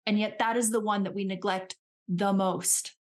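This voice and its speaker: A woman coach speaking as a podcast guest, animated and chatty, often acting out little voices in her examples. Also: medium pitch, normal speed. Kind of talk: casual chat.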